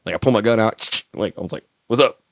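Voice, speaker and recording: Brief: male soldier guest, very deep voice, dry close sound, swears freely while acting out dialogue. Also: fast talker, creaky, no room sound. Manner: profane, animated storyteller acting out dialogue. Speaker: podcast guest, army staff sergeant. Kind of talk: casual storytelling.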